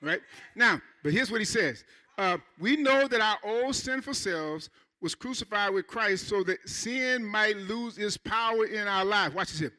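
Man, pastor, preaching in church, animated with playful asides, high pitch. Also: normal speed. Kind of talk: sermon.

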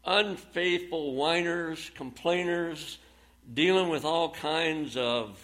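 A man's voice: a little high, a bit bright. A man preaching a sermon, reading scripture aloud and retelling Bible stories with plain, folksy phrasing and a few fillers.

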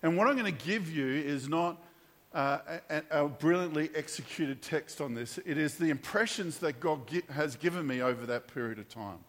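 Aussie pastor guy preaching, kinda high voice, does little character voices, lots of restarts, echoey church hall. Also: normal speed. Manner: animated storytelling, voices the characters, frequent restarts. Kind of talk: sermon.

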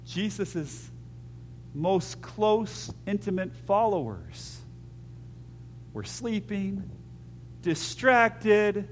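High-voiced pastor preaching with swings. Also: male voice, sing-song, drawn-out words, long pauses. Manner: swings between hushed intimacy and loud acted-out scenes; jokey asides with laughter. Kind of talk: sermon.

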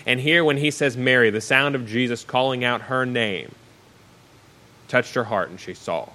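A man's voice: mid-range voice, moderate pace, pushed and bright, poor audio. A man preaching a sermon, reading Bible verses aloud and then explaining them in plain, everyday words.

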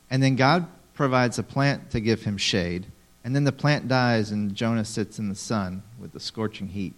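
Animated male preacher teaching a group. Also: medium pitch. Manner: animated, acts out quotes dramatically, talks to audience members. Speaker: pastor. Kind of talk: sermon.

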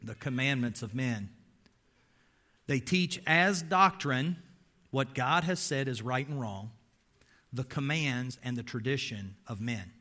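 A man's voice: mid-range voice, slow pace, sharp tone. A man preaching a sermon as pastor, emphatic and quizzing his listeners with rhetorical questions, with folksy, wry asides.

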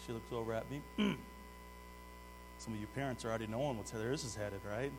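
A man's voice: mid-range voice, fast. Preaching man in an echoing hall. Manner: swings between loud urgent exhortation and hushed asides; asks the congregation direct questions. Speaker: pastor. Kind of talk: sermon. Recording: long hall reverb with mains hum.

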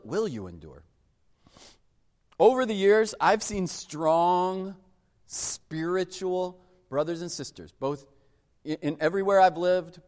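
A man delivers a sermon in a high, lively voice that leaps up and then falls to a near hush for emphasis. His words ring out with a long reverb, as if from a large hall. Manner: animated, emphatic preaching with sudden drops to quiet. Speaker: pastor.

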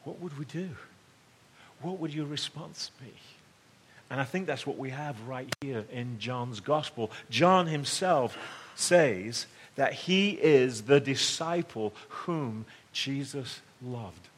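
A middle-aged man preaching a storytelling sermon in a conversational way, swinging between loud emphasis and hushed tones. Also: mid-range voice, slow, a little hiss or hum. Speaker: pastor.

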